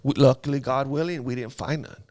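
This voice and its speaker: A man's voice: medium pitch, a little fast, darkish tone, no room sound. A man telling his life story in a casual interview, using street slang and acting out sounds.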